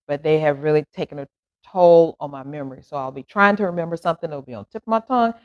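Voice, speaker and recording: A woman's voice: low voice, fast, highs cut off. A woman in her sixties telling a personal story to her viewers in a casual, rambling way, laughing between thoughts. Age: 60s. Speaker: vlogger.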